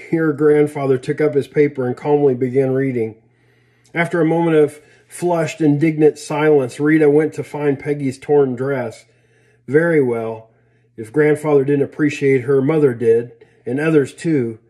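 A man reading a story aloud in a plain, unhurried way with small slips and restarts. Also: a little high, fairly even intonation, dark tone. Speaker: reader.

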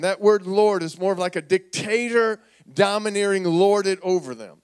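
A man pastor preaching a sermon in a church, animated and calling on the congregation to repeat words back. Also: high-pitched, normal speed, clear, resonant tone. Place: church sanctuary.

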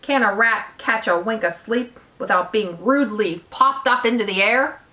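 A woman's voice: medium pitch, normal speed, sharp tone, roomy sound, close to an everyday voice. A woman reading aloud, voicing a grumpy male rat who grumbles indignantly at being woken.

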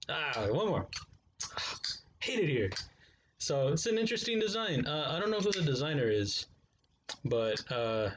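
A man's voice: medium pitch, lo-fi sound, slight background noise. A man reviewing knives in a casual unboxing vlog, talking to viewers in a laid-back, slangy way. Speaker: knife reviewer.

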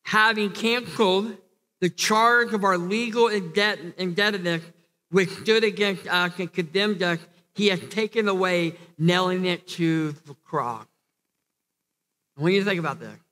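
A male pastor delivers a sermon in an earnest, insistent way, restarting phrases and climbing to emphatic peaks. His voice sits high and sounds bright and forceful. A long reverb from the church hall trails after each line. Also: unhurried.

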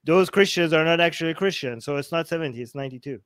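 A man's voice: on the high side, quick pace, smooth, no room sound. Teasing man hosting a talk show, dry sound. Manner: excitable, teasing, thinks aloud with restarts. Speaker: host. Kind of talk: casual chat.

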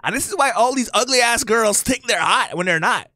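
A man's voice: extremely high pitch, lively intonation, fairly quick, bright, forceful tone, dry recording, clean studio sound. A man hosting a reaction channel, giving blunt, opinionated commentary in a casual rant.

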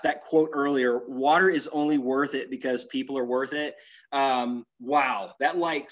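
A middle-aged man giving a lively, self-deprecating conference presentation, moving around as he speaks. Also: on the high side. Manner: animated, self-deprecating, moves around while talking. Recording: muffled, lo-fi sound.

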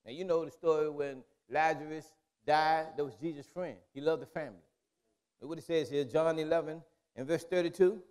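A man preaching a sermon as pastor, in emphatic call-and-response style that builds to loud, drawn-out declarations. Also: a little high, smooth. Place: church sanctuary. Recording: long reverb of a church hall.

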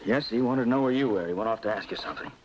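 A man's voice: lowish voice, very fast, slight background noise, close to an everyday voice, low-quality recording. An actor as a sarcastic, bitter frontier man. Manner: sarcastic, blunt.

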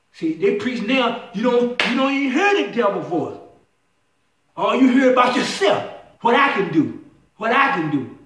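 A man preaching a fiery call-and-response sermon, shouting questions and then dropping low. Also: recorded from a distance. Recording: echoey room, voice from off-mic.

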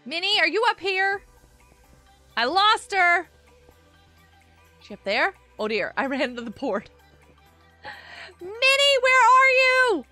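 A woman hosting a casual gaming live stream, chatting with viewers in a bubbly, animated way with gasps and laughs. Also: extremely high pitch, no echo. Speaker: livestream host.

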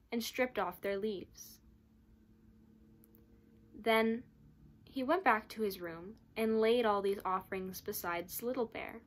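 A woman student reading a children's novel aloud with steady, expressive storytelling. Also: medium pitch. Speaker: student reader.

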